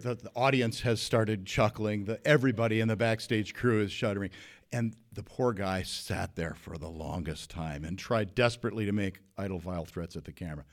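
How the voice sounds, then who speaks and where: A man from Minnesota telling a comic story in a lively, animated way. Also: on the low side. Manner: lively, animated telling with big swings in loudness.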